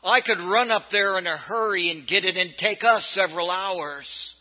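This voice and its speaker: An older man from California preaches as a bishop in a church. His voice sits a little high and rises and falls sharply to stress his points. The recording sounds slightly dull and lo-fi. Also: moderate pace. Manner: storytelling preacher, swinging pitch for emphasis. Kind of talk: sermon.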